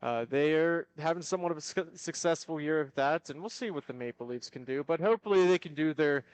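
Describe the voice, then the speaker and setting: A man handles play-by-play for a live hockey broadcast at an arena. His voice sits a bit high and sounds clear and polished. He lays out the matchup steadily and tracks the puck as the game unfolds. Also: fast talker, no echo. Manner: steady, explanatory, calls the action. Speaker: play-by-play commentator.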